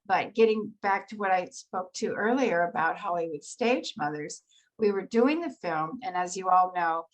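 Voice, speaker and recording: An older woman speaking as an interview guest, warm-humored and animated as she tells career anecdotes. Her pitch sits mid-range for a woman, and she sounds like she is on a video call. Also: low-quality recording. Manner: animated anecdotal storytelling with laughs. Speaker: guest actress. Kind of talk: storytelling in an interview.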